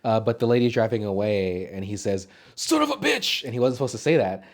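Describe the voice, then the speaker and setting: A man's voice: fairly low pitch, fast, a little mellow. Guy on a movie podcast rambling on, swearing, acting out lines from the film. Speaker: podcast co-host. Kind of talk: casual movie-review chat.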